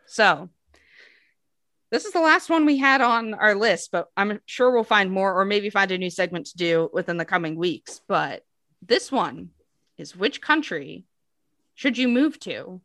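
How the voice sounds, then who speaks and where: An American woman co-hosting a podcast, chatting casually and reading quiz options out with lively rises. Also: medium pitch, measured pace, dry recording, clean studio sound. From United States. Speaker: podcast co-host. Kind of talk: casual chat.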